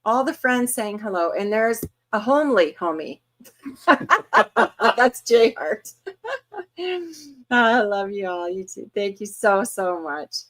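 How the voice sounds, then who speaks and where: A woman in her fifties hosting a casual livestream, chatty and quick to laugh as she greets viewers one by one. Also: mid-range voice, lively intonation. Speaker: host.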